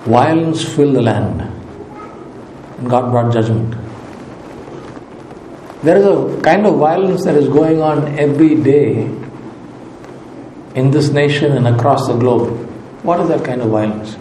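A man's voice: mid-range voice, a little slow, long pauses, dark tone, slight background noise. A man preaching a sermon, emphatic and repeating key phrases for weight. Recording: roomy hall echo.

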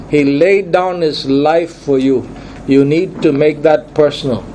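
A man's voice: a little high, darkish tone, slight background noise, poor audio. A man preaching a Sunday sermon in church, repeating key lines for emphasis. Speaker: pastor.

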